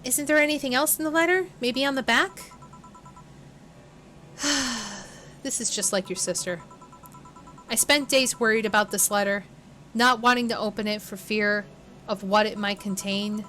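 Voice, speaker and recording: A woman's voice: a little high, steady tone, moderate pace, pauses often, pushed and bright. A woman reading a blunt, grieving young woman. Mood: exasperated.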